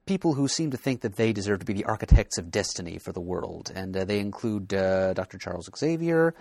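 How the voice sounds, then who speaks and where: Man, deep-ish voice, podcast co-host, halting thoughtful speech, dry close sound. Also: expressive, vocal fry, a little mellow, no echo. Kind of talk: casual podcast discussion.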